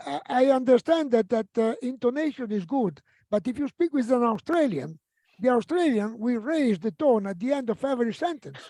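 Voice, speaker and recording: A man's voice: very high voice, animated, normal speed, warm tone, no room sound. A man on an online panel who makes his points in an insistent, stammering way.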